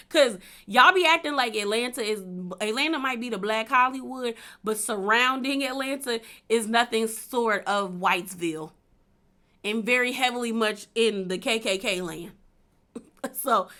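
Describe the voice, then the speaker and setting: A woman's voice: a little high, animated, measured pace, bright, forceful tone. A young woman casually recapping a reality show, chatty and laughing often, with plenty of filler words. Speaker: recap vlogger.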